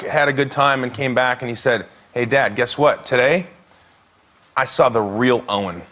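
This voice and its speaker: A man's voice: fairly high pitch, sharp tone. A man in his thirties telling a rambling anecdote as a chat show guest, with laughs and restarts. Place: television studio with audience. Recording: audience laughter and noise behind.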